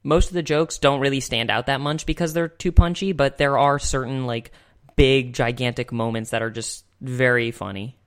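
A young man hosts a podcast in a relaxed, rambling way and chuckles often. He speaks into a desk microphone at an ordinary pitch. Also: normal speed, clear, resonant tone. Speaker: podcast host. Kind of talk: casual chat.

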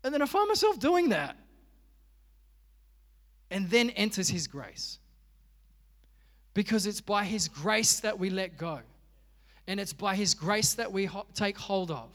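A man's voice: sits high, slow pace, pauses often, a bit bright, big-room sound. A man preaching a sermon in a conversational way, acting out little dialogues. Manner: conversational, acts out quoted dialogue. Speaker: pastor.

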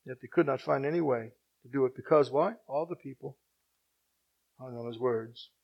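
A man preaching a sermon, swinging between hushed, slow passages and loud, emphatic ones, and repeating phrases for emphasis. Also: mid-range voice, vocal fry, dull audio.

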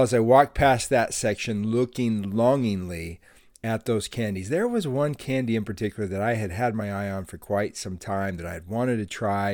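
A man's voice: on the low side, darkish tone, no echo, studio quality. A middle-aged man hosting a devotional podcast, telling a childhood story in an earnest, friendly way with an occasional laugh. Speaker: podcast host.

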